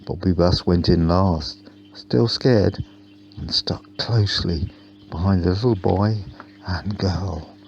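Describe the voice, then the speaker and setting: Gentle storybook narrator, male, low dark voice, unhurried. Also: vocal fry. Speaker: storybook reader. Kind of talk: children's storybook read-aloud. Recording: dull lo-fi with faint hum.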